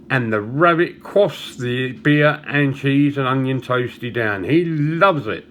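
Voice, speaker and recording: A man's voice: mid-range voice, expressive, a bit bright, slight background noise. Chatty man telling a joke. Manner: chatty, storytelling with small pauses and chuckles. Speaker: vlogger. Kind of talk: casual joke-telling to camera.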